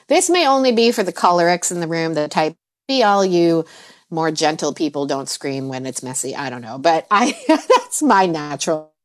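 A woman, a mindset coach, talking casually on a podcast, laughing often and jumping into high exaggerated voices when she quotes herself, then going soft and low when she talks about calming down. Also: moderate pace. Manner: laughs often mid-sentence. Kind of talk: conversational podcast advice.

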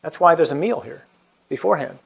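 Male priest, slightly higher voice, informal and emphatic preacher. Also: expressive, brisk, creaky, slightly rough. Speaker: Catholic priest. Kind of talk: conversational preaching and prayer.

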